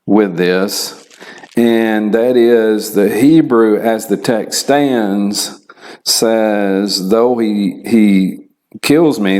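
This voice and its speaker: Slow, halting man reading and explaining scripture. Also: on the low side, darkish tone. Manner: slow, halting delivery with frequent repeated words and fillers; reads scripture aloud, then explains it. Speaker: lecturer. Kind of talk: recorded university lecture.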